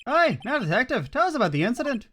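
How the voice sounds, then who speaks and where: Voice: medium pitch, sing-song, quick pace, a bit bright, slight background noise, voice pushed up. A let's player voicing a fussy, stern elderly male judge who scolds the court.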